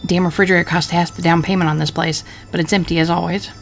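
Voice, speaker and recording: A woman voicing a crude, drunken, scheming husband from the 1940s, talking gruffly and cursing. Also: on the low side, little pitch movement, fast, soft background music. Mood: grumbling. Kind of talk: reading game dialogue aloud.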